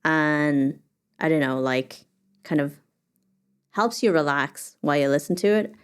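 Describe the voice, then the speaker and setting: Woman solo podcast host: low, smooth, loose and chatty, thinks out loud. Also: measured pace. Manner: thinks aloud with many fillers and restarts. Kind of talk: reflective solo podcast monologue.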